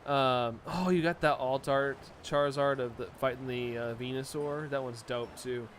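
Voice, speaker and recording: A man's voice: medium pitch, fairly even intonation, normal speed, slight background noise. A young man live-streaming, chatting casually and laughing often as he reacts to viewer messages.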